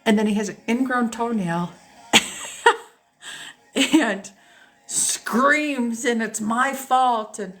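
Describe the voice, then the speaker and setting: A woman hosting a casual live stream, telling personal stories to her viewers in an animated, candid way and swearing freely. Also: fairly high pitch, extremely slow, long pauses, faint music behind. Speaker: host. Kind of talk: casual storytelling chat to a live audience.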